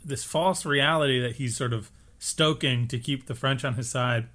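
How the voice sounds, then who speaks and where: A man's voice: medium pitch, moderate pace, sharp tone. A man co-hosting a podcast, recapping a TV episode in casual chat with wry, joking asides. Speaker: podcast co-host.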